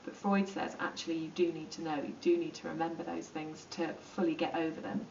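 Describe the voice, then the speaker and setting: A woman explaining psychology in a relaxed, chatty lesson, with plenty of ums and acted-out asides. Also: low-pitched, brisk, gravelly, slight background noise. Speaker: psychology teacher. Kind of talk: informal lesson explaining to camera. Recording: roomy, distant and dull.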